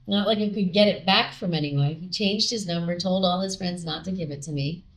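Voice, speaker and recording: Lowish-voiced woman telling a lively story. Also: brisk. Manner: animated, acts out quoted dialogue. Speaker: podcast guest; singer with a record contract. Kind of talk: personal storytelling.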